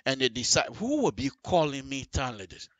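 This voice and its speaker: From a radio studio, a man hosting a live talk show explains things at length in an animated, emphatic manner, repeating himself and speaking directly to listeners. His mid-range voice moves at a moderate pace in a dry recording with dull audio.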